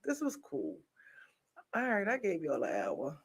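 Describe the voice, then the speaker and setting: A woman hosting a casual live stream chat, playful and laughing often, her voice swinging between loud and soft. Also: lowish voice, wildly swooping pitch, unhurried, breathy edge.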